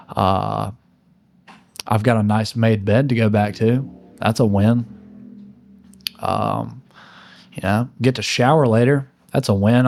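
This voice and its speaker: Young man rambling deadpan in a podcast chat. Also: on the low side, no echo. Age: young adult. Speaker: podcast guest.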